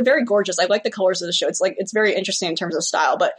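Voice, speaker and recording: A woman's voice: mid-range voice, rapid-fire, breathy edge. A woman chatting casually on a podcast, giving rambling opinions with lots of fillers. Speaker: podcast co-host. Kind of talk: casual chat.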